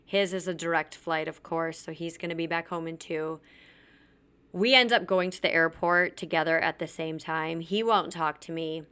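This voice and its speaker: A woman's voice: low-pitched, fairly even intonation, moderate pace, sharp tone, clear, resonant tone. A woman hosting a podcast, telling a personal story candidly and bluntly, swearing freely and acting out what others said. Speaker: podcast host.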